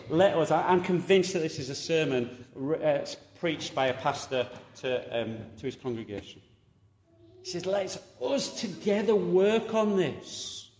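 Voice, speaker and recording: A man preaching a sermon, exhorting and animated, rising loud and dropping quiet. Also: on the high side, roomy sound, big-room sound.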